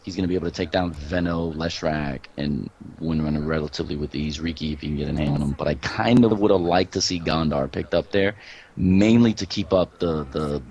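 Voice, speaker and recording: A man's voice: very deep voice, a little fast, a little mellow, slightly rough. A man commentating an esports draft, confident and opinionated, talking in long run-on stretches. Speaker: game caster. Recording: dull, slightly lo-fi mic with faint background hum.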